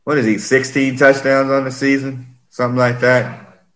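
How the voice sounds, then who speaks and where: Rambling, animated football podcast host. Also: male voice, mid-range voice, normal speed, poor audio. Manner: rambling, animated, acts out quoted players. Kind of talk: casual sports chat.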